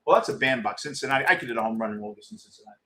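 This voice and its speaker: A middle-aged man hosts a postgame show, talking casually to viewers and reacting bluntly and excitably to a live game, swearing freely. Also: medium pitch, rapid-fire.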